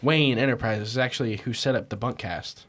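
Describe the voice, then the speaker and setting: A man's voice: medium pitch, fairly quick, fairly bright tone. A young man hosting a podcast, chatting casually with crude jokes. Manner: crude joking banter, mock ASMR whispering. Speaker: podcast host. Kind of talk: casual chat.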